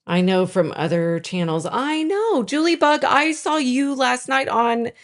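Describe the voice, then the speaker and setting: A woman's voice: high voice, lively intonation, a little slow. A middle-aged woman co-hosting a live stream, chatting casually and reading out viewer comments. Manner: chatty, reads out chat comments, laughs often.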